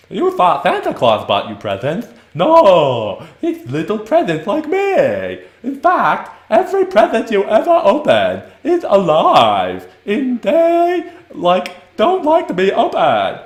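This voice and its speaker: A man's voice: sits high, roomy sound, exaggerated voice. A man voicing an evil male living Christmas present who speaks manically, with a cackle.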